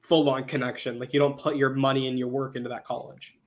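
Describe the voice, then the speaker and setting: Male co-host, mid pitch, chatty and argumentative. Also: little pitch movement, fast talker. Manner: joking, argues his point. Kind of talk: casual watch-along chat.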